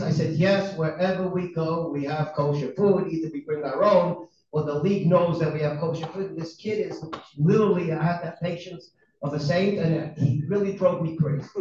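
A man with a high-pitched voice tells a lively story to an audience, laughing often and acting out each person he quotes. He sounds far from the mic in a very echoey hall, and the sound is dull with faint noise behind him. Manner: animated, laughs often, acts out other speakers in the story. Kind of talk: anecdote told to an audience.

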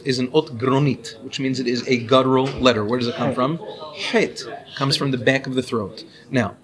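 A man teaching a class, explaining and asking his students questions as he goes. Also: mid-range voice. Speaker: Torah teacher. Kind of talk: classroom lecture on Hebrew pronunciation.

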